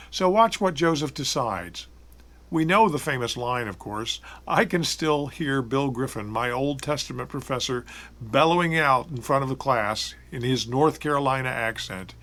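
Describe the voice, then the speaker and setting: A middle-aged man preaching a sermon, telling the story in a measured, reflective way with emphatic repetition. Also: medium pitch, fairly bright tone.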